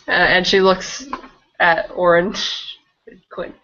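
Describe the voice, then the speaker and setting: A woman describing her character's actions in a tabletop game, slow and amused, on a muffled recording. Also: on the low side, fairly bright tone. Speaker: player.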